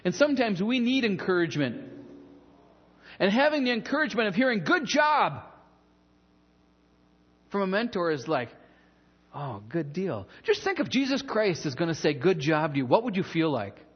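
Lively, high-voiced man preaching a sermon. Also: fairly quick, husky, big-room sound, lo-fi sound. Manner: conversational, animated preaching with asides and humor. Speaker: pastor. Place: church.

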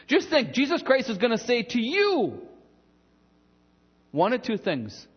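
A man with a high, lively voice preaching to his congregation. He talks in an easy, conversational way, breaks off for humorous asides and comes back to his point. The recording is a little dull, as if taken from a church system. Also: measured pace, long pauses, husky, in a large hall. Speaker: pastor. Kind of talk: sermon.

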